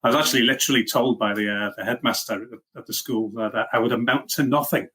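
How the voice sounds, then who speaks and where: A man's voice: mid-range voice, fairly even intonation, fast, pushed and bright, breathy edge. A middle-aged man from Liverpool with a mixed Liverpool and Welsh accent, chatting as an interview guest, self-deprecating and full of fillers and restarts. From Liverpool, England. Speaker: guest, software engineering leader. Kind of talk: casual interview chat.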